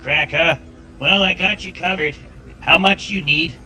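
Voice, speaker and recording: A text-to-speech man's voice playing a gruff, streetwise male drug dealer who talks in a blunt, mocking way. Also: fairly high pitch, measured pace, bright, forceful tone, pitched above the performer's own voice, poor audio. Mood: businesslike.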